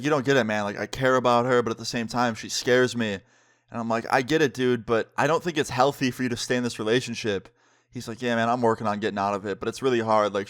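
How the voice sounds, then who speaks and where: Young guy telling a storytime, mid-pitched voice, slangy and chatty, dry close sound. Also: smooth, no echo. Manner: casual, slangy, heavy use of "like" and "dude"; acts out both sides of conversations. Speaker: vlogger. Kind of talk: storytime narration.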